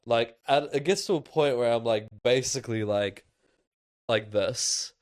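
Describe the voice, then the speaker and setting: A man's voice: mid-range voice, a little slow, dry recording. A young man hosting a podcast, telling a personal story in a loose, casual way with lots of fillers. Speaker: podcast host.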